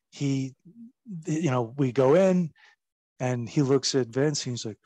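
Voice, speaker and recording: A man telling backstage stories as a guest in a casual interview, animated and profane, laughing as he goes. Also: medium pitch, takes it slowly, pauses often, no echo. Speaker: guest recounting his wrestling career.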